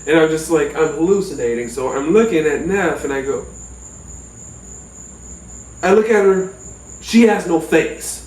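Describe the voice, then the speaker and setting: Animated, profane male storyteller. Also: unhurried, pauses often. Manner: animated, profane, jumps into high yelps. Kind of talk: casual storytelling monologue. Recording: roomy sound from a distant mic.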